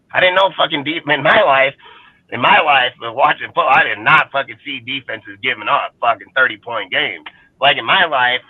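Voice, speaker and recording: A man's voice: on the high side, dry recording. A heated, foul-mouthed man rants through fan commentary on a live stream. His voice comes through thin and phone-like, dry with no room around it. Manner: heated, profane, ranting. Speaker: fan show panelist. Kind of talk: profane ranting fan commentary. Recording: phone-like call audio, dry.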